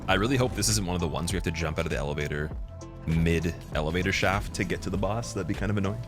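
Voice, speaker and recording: Deep-voiced guy streaming a game, chatty and giggly, faint music behind. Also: fast talker. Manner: chatty and giggly, talks to chat, gets loud and excited. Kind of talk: casual live-stream commentary while playing.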